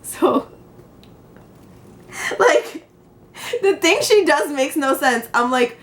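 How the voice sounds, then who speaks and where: A young woman vlogs on a handheld phone and tells an exasperating story. Her voice sits a little high for a woman. She laughs often and acts out the back-and-forth dialogue. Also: animated, very slow. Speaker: vlogger. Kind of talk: casual chat. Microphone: handheld phone camera.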